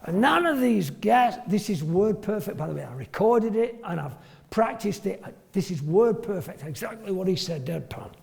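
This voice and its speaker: A man's voice: high-pitched, normal speed, gravelly. An older man from England, a retired family doctor, telling comic anecdotes after dinner and acting out the people he quotes. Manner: animated, comic storyteller who acts out quoted voices. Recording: long hall reverb.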